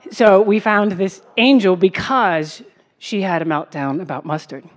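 A woman's voice: mid-range voice, unhurried. Chatty woman telling a story in reverb. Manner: animated, many fillers and likes, breaks into laughs. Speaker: activist speaker. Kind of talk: personal storytelling. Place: music festival stage. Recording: long reverb of a big space.

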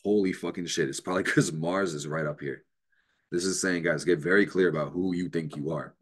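Deep-voiced man ranting profanely about astrology. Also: brisk, slightly rough. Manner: profane, emphatic, animated with laughs. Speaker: astrology show host. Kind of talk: unscripted motivational monologue.

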